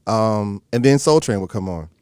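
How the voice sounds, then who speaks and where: A man in his thirties, an actor being interviewed, telling stories in an animated way and acting out the people he quotes. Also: lowish voice, normal speed, smooth, no echo, clean studio sound. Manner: animated storyteller, acts out quoted exchanges; frequent fillers and restarts. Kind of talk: casual interview talk.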